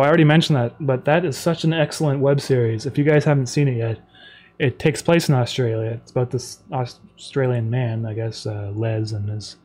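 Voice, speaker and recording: A man streaming live as he animates, talking in a soft, rambling way with lots of fillers. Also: medium pitch, husky. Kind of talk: casual live-stream chat while drawing.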